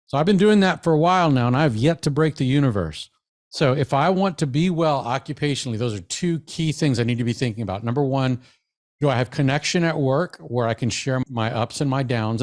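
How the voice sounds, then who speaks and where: Psychologist guy talking to teachers, lively and chatty, does little voices for examples. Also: mid-range voice. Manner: animated, conversational, acts out quoted voices. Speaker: psychologist giving teacher training. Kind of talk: professional development talk.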